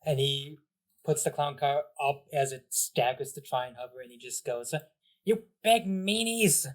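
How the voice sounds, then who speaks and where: A man running a tabletop game as game master. He narrates casually, stringing events together with plenty of "like"s and small pauses. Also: mid-range voice, flat delivery. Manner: casual, filler-heavy narration with many "like"s.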